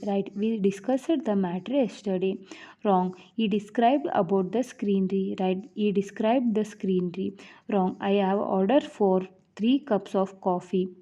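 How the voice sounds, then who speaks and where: A woman reading grammar rules aloud like an audiobook, in a measured way with the odd stumble and restart. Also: medium pitch, dark tone. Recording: dull lo-fi recording.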